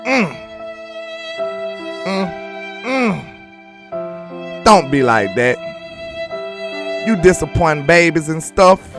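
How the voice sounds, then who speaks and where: A young man hosting a casual football livestream, talking loosely to his chat and laughing often. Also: on the high side. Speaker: sports channel host.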